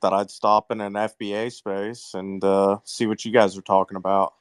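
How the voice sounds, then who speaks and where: Laid-back male caller, smooth low voice. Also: flat delivery, normal speed, dry recording. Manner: laid-back, hesitant, many fillers.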